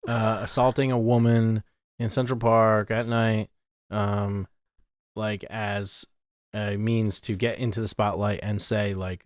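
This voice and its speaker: A man co-hosting a casual podcast chat, speaking in a measured, searching way with many fillers. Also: on the low side, level tone, dry recording, studio quality. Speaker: podcast co-host.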